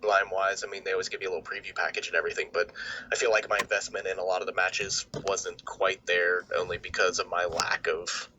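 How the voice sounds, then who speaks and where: Hesitant man with a bright voice, lo-fi mic. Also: sits low, level tone, quick pace, a little hiss or hum. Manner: hesitant, filler-heavy, laughs often. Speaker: podcast co-host. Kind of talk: casual wrestling podcast chat.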